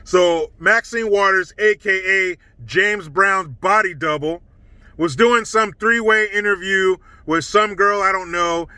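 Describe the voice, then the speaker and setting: A man's voice: high-pitched, bright, forceful tone, no room sound, poor audio. A middle-aged man giving a blunt, scornful opinion monologue as a commentary vlogger.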